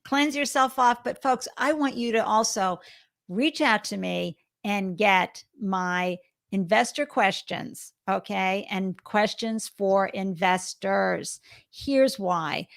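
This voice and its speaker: A woman's voice: medium pitch, gravelly. A woman hosting a podcast, chatting casually and speaking directly to her listeners. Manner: chatty, reacting with quick interjections and advice to listeners. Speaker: podcast host. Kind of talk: casual interview chat.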